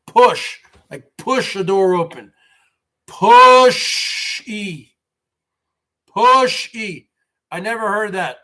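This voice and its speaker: Slow-talking high-voiced man in his forties. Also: a bit bright. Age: 40s. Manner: repetitive, mocking, keeps circling back to one phrase. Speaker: host. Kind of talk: casual ranting monologue.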